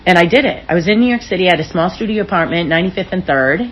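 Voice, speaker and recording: A woman speaking as an interview guest, telling personal stories in a frank, expressive way with casual swearing. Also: fairly low pitch, rapid-fire, muffled recording, slight background noise. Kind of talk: candid personal storytelling in an interview.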